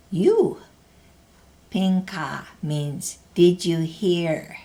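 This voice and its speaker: A woman's voice: fairly low pitch, a little mellow. A woman teaching a language lesson, explaining grammar carefully in a scripted narration.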